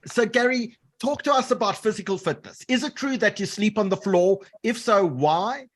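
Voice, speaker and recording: A man's voice: high-pitched, normal speed. A man hosting a panel talk, asking questions in a friendly way and often repeating his words. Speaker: host.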